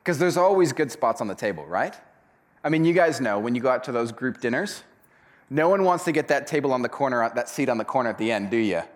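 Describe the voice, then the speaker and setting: A man preaching a sermon, retelling a parable in a casual, animated storytelling way. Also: medium pitch, fast talker. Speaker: pastor.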